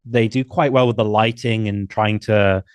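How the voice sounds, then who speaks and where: A man's voice: fairly low pitch, steady tone, normal speed, clean tone, no room sound. A man hosting a casual film podcast, talking enthusiastically and now and then acting out lines in funny voices. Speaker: podcast host.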